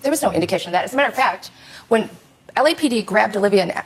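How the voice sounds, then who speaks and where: A middle-aged woman speaking forcefully and defiantly as a talk show guest in a TV studio. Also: mid-range voice, animated, rapid-fire, breathy edge. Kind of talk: emotional talk show testimony.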